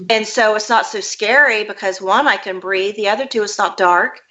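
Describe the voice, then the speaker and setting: A woman's voice: mid-range voice, moderate pace, sharp tone. A woman guest recounting a personal childhood memory in an earnest, detailed way. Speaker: interview guest, author. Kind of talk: personal storytelling. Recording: dull lo-fi audio.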